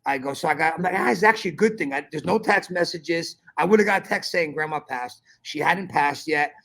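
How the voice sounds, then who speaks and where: A man hosting a podcast, telling a story in animated casual chat, swearing often and calling his listener bro. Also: a little high, brisk, gravelly. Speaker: podcast host.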